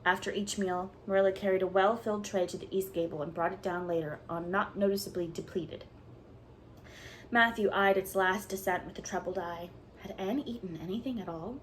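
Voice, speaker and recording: Woman narrator, expressive and measured storybook reading, faint noise behind. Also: mid-range voice, poor audio. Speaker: audiobook reader.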